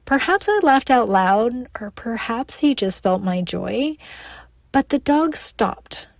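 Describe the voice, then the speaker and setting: A woman's voice: fairly high pitch, animated, slow, vocal fry, no echo. A middle-aged woman reading her personal newsletter aloud in a chatty, playful way, often laughing. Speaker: newsletter author and speaker.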